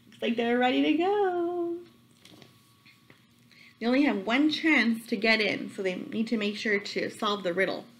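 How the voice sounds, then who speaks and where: A woman reading a children's picture book aloud, expressive and pausing to ask her listeners questions. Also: a little high, rough recording.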